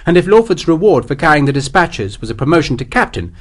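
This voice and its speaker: A male audiobook narrator reading a historical tale in a measured storytelling voice. His pitch ranges widely and lends the prose lively shape, with a steady, practised delivery. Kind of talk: scripted narration.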